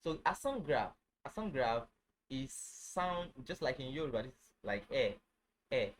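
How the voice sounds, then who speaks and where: A man giving an informal French lesson, repeating words slowly, checking that viewers follow, and correcting himself as he goes. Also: medium pitch, sing-song, a little hiss or hum, poor audio. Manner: restarts and self-corrects often. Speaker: French teacher.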